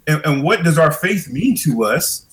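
A man's voice: on the high side, very animated, normal speed, a bit bright, poor audio. A middle-aged man, a podcast guest, talking reflectively in a casual conversation and often repeating words as he thinks.

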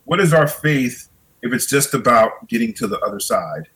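A man's voice: medium pitch, lively intonation, normal speed, fairly bright tone, rough recording. A middle-aged man, a podcast guest, talking reflectively in a casual conversation and often repeating words as he thinks.

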